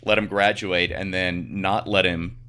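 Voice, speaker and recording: A man's voice: sits low, little pitch movement, measured pace, sharp tone, clean tone. A man co-hosting a casual planning meeting, earnest and a bit hesitant as he works out the running order. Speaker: co-host.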